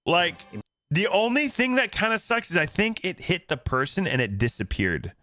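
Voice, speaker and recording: A man streaming and reacting to a game trailer, talking in an animated, mock-pleading, joking way. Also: high-pitched, normal speed.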